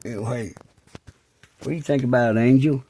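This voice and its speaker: A man's voice: a little fast, slight background noise. Rambling man telling loose stories. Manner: loose and repetitive, heavy on fillers like "man" and "you know"; drops low and quiet when speaking of faith. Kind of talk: rambling casual storytelling.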